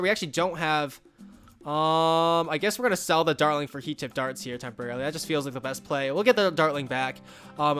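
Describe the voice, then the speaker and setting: A man's voice: sits high, sharp tone, smooth. A young man giving casual gameplay commentary as a YouTuber, upbeat and rambling with many fillers and asides. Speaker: gaming YouTuber.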